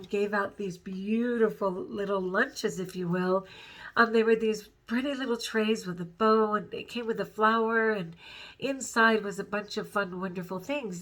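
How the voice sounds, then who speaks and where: A woman's voice: medium pitch, a bit bright. Giggly, rambling woman vlogger. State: overtired and upset. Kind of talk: casual personal vlog.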